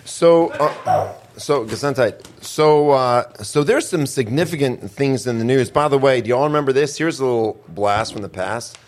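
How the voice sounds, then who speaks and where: A man's voice: mid-range voice, normal speed, hardly any pauses. A man hosting a casual news talk show, rambling and restarting his words. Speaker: show host.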